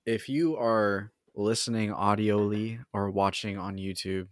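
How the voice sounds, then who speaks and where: A man's voice: fairly low pitch, steady tone, unhurried, dry recording, clean studio sound. A man co-hosting a casual podcast chat, playful and joking at his own expense. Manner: joking, playful, self-deprecating. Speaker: podcast co-host.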